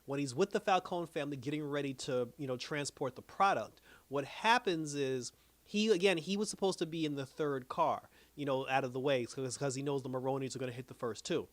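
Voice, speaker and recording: A man's voice: medium pitch, fairly quick, no echo. A man giving a casual, rambling plot recap as a TV reviewer, full of fillers and restarts. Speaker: TV series reviewer.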